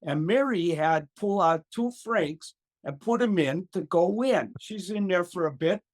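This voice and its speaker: A man's voice: high voice, lively intonation, measured pace. An older man, a gardening expert, telling a funny story as an interview guest, acting out the voices and laughing often.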